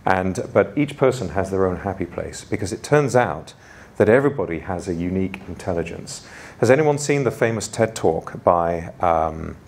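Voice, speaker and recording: A man's voice: sits low, animated, normal speed, darkish tone. A man from gives a conference opening keynote in an informal, self-deprecating way with frequent fillers. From London. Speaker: conference host and keynote speaker.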